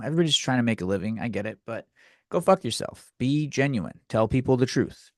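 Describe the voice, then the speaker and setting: A young man hosts a comedy podcast alone, delivering a sarcastic, profanity-laced rant. His voice is mid-range, and the studio sound is clean with no echo.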